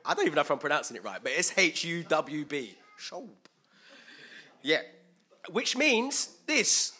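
A man preaching a conversational sermon in a chatty, lively way, full of fillers and repeated words. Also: on the high side, quick pace, slightly rough.

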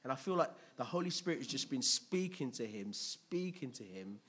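A man preaching a sermon in a conversational, lively way, asking the congregation questions. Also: medium pitch, normal speed, husky.

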